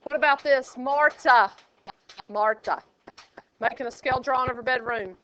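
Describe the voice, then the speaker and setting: A sassy woman teacher jokes with her class while walking through problems. Her voice sits high and sounds bright and smooth. The classroom recording is dull and lo-fi. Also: normal speed. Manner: sassy, teasing and lively with students. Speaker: math teacher.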